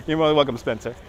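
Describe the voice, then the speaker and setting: Filming on a phone mounted on a handheld gimbal, a talkative tour guide in his forties live-streams outdoors along city streets and through a park, casually chatting to viewers and laughing at his own jokes. His voice is fairly high, the sound lo-fi with slight background noise.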